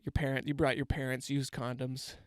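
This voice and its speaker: A man's voice: medium pitch, flat delivery, brisk, no echo, clean studio sound. A man, telling a rambling, self-mocking comic story and swearing freely. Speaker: comedian. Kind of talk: casual comedic storytelling monologue.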